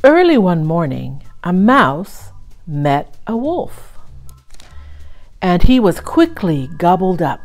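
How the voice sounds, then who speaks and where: A woman librarian reads a picture book aloud for a children's storytime. Her delivery is slow and unhurried, and her pitch moves a lot to bring the story to life. Soft music plays faintly in the background. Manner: warm, expressive read-aloud.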